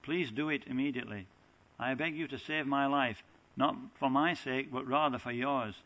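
A man's voice: mid-range voice, moderate pace, a bit bright, close to an everyday voice, low-quality recording. A man reading aloud the part of a desperate, lovesick young goddess, earnestly and plainly from a scripture text. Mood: pleading.

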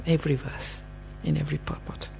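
A man's voice: fairly high pitch, flat delivery, a little fast, gravelly, darkish tone, faint music behind. A man preaching a scripture class in an earnest sermon style, checking in with his listeners as he goes.

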